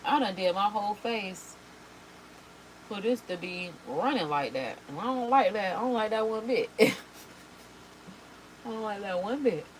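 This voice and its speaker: A young adult woman hosting a reaction video, chatting casually in a sassy, animated way while doing her makeup. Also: mid-range voice, unhurried, long pauses, a little hiss or hum, poor audio. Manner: sassy, animated, slangy and expressive.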